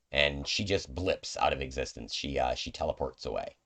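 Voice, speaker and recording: A man's voice: a bass voice, animated, moderate pace, few pauses, a bit bright. A man narrating as game master of a tabletop game, loose and full of fillers.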